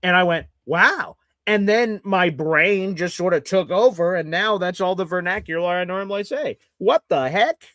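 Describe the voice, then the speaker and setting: A man's voice: high-pitched, steady tone, moderate pace, few pauses, fairly bright tone, dry recording. A man hosting a live sports reaction show, ranting and sarcastic toward his audience. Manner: ranting and sarcastic, mocking fans in put-on voices.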